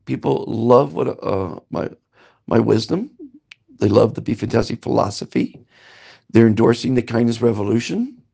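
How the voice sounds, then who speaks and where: An older man from Southern California, currently in Antigua, speaks in a fairly low, gravelly, husky voice with a darkish tone. He rambles through his life story in a meandering, self-promoting monologue dotted with wry asides.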